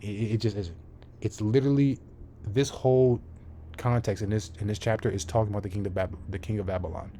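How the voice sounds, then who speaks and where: Low, mellow-voiced man teaching scripture. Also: a little hiss or hum. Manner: repeats "right?" often, restarts mid-phrase; reads scripture aloud. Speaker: bible teacher. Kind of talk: online bible teaching.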